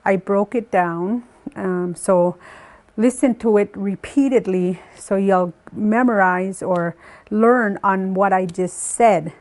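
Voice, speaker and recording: Slow-spoken woman teaching a lesson. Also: mid-range voice, a little mellow. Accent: Saskatchewan Cree. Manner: slow and careful, breaks words into syllables. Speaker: language teacher. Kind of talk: recorded language lesson.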